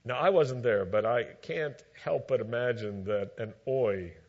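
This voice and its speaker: Slow, measured male preacher, lo-fi. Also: mid-range voice. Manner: measured, emphatic storytelling with dry asides. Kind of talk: sermon. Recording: dull lo-fi recording.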